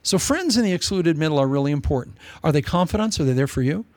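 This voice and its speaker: A male pastor preaches in a lively, chatty way with a fairly high voice that swings up and down. He repeats phrases for emphasis and drops into jokes. The sound is close and dry. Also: quick pace, dry recording. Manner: animated, humorous, conversational, with repetitions. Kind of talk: sermon.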